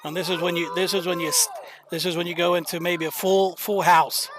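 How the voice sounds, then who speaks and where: A young man calling a live high school football game as play-by-play commentator, excitable, openly nervous and rooting for his team. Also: fairly quick, crowd noise. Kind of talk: live local sports commentary. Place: outdoor stadium bleachers. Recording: noisy outdoor stadium stream.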